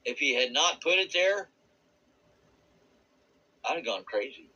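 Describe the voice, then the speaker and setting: A man giving a rambling, earnest personal testimony about a spiritual experience. He searches for words and laughs softly now and then. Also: mid-range voice, animated, unhurried, slightly rough, muffled recording. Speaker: vlogger sharing a spiritual experience.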